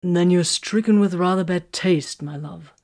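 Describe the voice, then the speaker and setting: A woman reading a storybook, voicing a sarcastic, wounded young male soldier who mumbles low. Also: measured pace, a little mellow. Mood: teasing.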